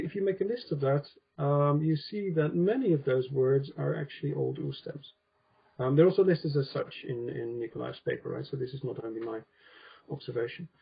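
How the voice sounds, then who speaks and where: Dutch guy lecturing over a video call, husky gravelly voice, lots of ums. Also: fairly high pitch, highs cut off. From Netherlands. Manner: measured, frequent ums and "right?" checks. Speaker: conference speaker, linguist. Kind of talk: academic lecture.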